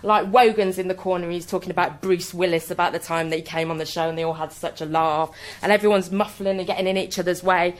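A woman telling a comic personal anecdote in an animated, self-mocking way. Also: on the low side, quick pace, few pauses. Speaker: storyteller.

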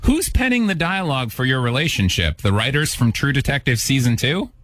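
A male host taking calls and joking with his callers. His delivery is deadpan and teasing, but the pitch swings about a lot. His voice sits in a middle register. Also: a little fast. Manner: deadpan, teasing one-liners. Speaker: radio-style call-in host. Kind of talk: comedic call-in banter.

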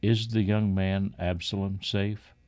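A man's voice: sits low, little pitch movement, slow, darkish tone, clear, resonant tone. Grieving old king, read by a man. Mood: stately. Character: grieving aged male king.

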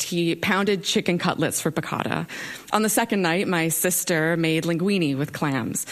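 Young woman doing a funny personal story onstage, kinda low voice, lots of expression. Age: young adult. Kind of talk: personal story told on stage. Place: stage before a live audience.

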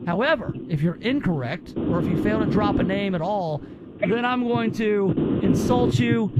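A male radio host with a high voice, joking and teasing his callers. He rambles in loose, casual banter and keeps the show moving. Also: lively intonation, normal speed, very noisy.

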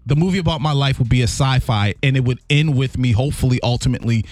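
A man's voice: mid-range voice, fast talker, no echo, faint music behind. A man co-hosting a radio show, earnestly telling personal stories in casual chat. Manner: animated storyteller, earnest. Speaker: radio co-host.

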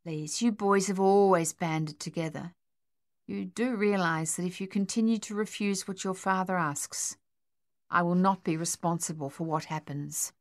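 A woman's voice: lowish voice, steady tone, normal speed, dry recording, studio quality, close to an everyday voice. A woman voicing a worried, pleading mother. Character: worried anxious mother pleading with her son.

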